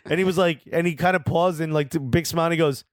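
A man's voice: on the high side, fairly even intonation, fast, dry recording, clean studio sound. A man co-hosting a casual soccer podcast, telling stories playfully in slang and acting out the dialogue. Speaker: podcast co-host. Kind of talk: casual chat.

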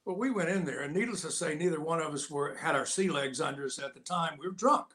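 An older man, a guest, telling lively personal stories in casual talk and acting out the voices of people in them. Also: on the high side, fast. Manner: lively anecdotal, acts out quotes. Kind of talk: casual storytelling.

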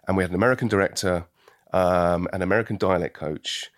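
A man's voice: deep voice, steady tone, fast, no room sound, studio quality. A British actor in a casual interview, reflective and laughing easily, often restarting his sentences. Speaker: actor, guest.

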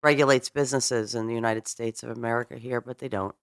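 A woman's voice: rumbling low, steady tone, fast, smooth, no room sound, clean studio sound. A middle-aged woman hosting a podcast, chatting casually and acting out other people's lines as she tells a story. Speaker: podcast host. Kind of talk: casual chat.

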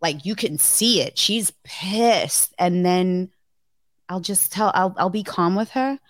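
A woman's voice: fairly low pitch, slow pace, dry recording, clean studio sound. A woman co-hosting a podcast in casual chat, frank and blunt, swearing freely. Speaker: podcast co-host.

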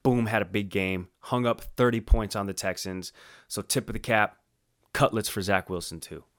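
A man's voice: fairly low pitch, steady tone, moderate pace. A man co-hosting a sports talk show, joking in laid-back banter. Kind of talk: casual sports chat.

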